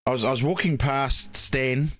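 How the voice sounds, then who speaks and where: A man's voice: medium pitch, normal speed. A man with a New Zealand accent, co-hosting a casual live stream and telling rambling stories full of fillers. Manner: rambling, chatty storytelling with many fillers. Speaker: co-host.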